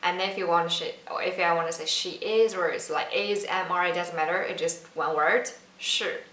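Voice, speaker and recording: A woman teaching a casual Mandarin lesson, patiently repeating words slowly for learners. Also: lowish voice, fairly even intonation, a bit bright. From China. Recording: roomy, slightly distant mic with faint noise.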